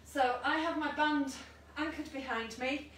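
A woman fitness instructor with a high, bright voice leads an online workout, counting down and cheering people on. She is recorded from a distance in an echoey room at home. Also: measured pace, a little hiss or hum. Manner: encouraging cues and countdowns with asides. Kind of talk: online exercise class instruction. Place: room at home, with a dog nearby.

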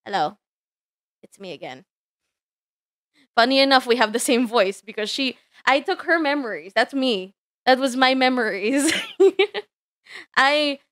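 A woman voicing an awkward, shy scientist who built a robot girl, speaking haltingly with many ums. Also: a little high, fairly bright tone, clear, resonant tone, dry recording, close to an everyday voice. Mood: sheepish. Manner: hesitant, halting, full of ums. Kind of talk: live stream role-play.

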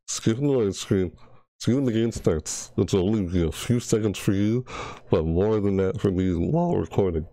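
A man's voice: fairly low pitch, mellow, no echo. A man casually commenting on his own gameplay from a home setup, chatty and easily panicked, talking to himself as he plays. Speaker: gaming channel host.

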